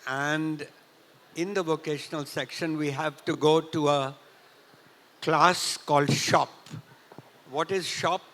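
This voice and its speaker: Slow, unhurried older man. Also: a little high, steady tone, a bit bright. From India, Punjab. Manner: clears throat often, unhurried anecdotal retelling. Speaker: festival speaker. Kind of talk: storytelling talk. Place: large hall at a literature festival. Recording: reverberant hall.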